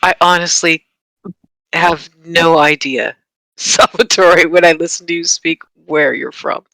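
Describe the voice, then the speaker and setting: Bright, crisp player with a dry close sound. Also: medium pitch, fairly even intonation, unhurried, dry recording, poor audio. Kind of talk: in-character tabletop planning. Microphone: desk mic for an online stream.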